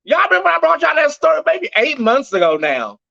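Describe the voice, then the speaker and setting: Sassy gossiping man, bright voice. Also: very high voice, wildly swooping pitch, fairly quick, creaky, no room sound, lo-fi sound. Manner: sassy, gossipy, greets viewers by name. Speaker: host of a live news and gossip show. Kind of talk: live headline commentary.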